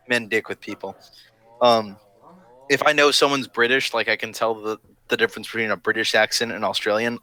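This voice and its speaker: A man's voice: medium pitch, bright, forceful tone, no room sound. A young man in casual chat about live-action role-play, rambling and jokey, slipping into brief silly voices. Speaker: LARP podcast co-host.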